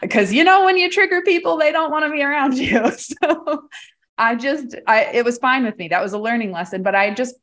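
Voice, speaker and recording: A woman's voice: high voice, brisk, a bit bright. Chatty woman from Texas, filler-heavy. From Texas, USA. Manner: candid, uses swear words freely. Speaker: guest, psychic medium. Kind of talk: casual interview storytelling.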